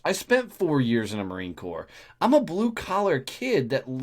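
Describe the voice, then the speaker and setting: A middle-aged man hosting a talk show, speaking bluntly and frankly in an earthy, self-deprecating way. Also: medium pitch. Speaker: podcast host. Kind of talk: candid conversational talk.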